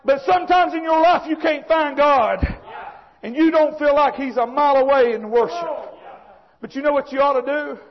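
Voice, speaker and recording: A man preaches with a very high voice, folksy and fervent, often breaking into shouts. The recording sounds dull and lo-fi. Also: normal speed. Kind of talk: fiery sermon.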